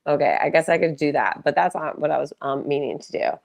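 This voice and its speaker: A woman's voice: deep voice, expressive, fast, vocal fry. A woman hosting a casual livestream fundraiser on a laptop mic, rambling with loose restarts and the odd swear. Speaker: live streamer hosting a fundraiser.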